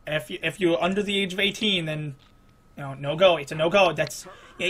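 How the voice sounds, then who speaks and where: A man's voice: on the high side, a little fast, fairly bright tone, breathy edge. A man playing a video game and commenting as he goes, groaning and exclaiming in exasperation at his failures. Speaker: gamer. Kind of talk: frustrated gameplay commentary.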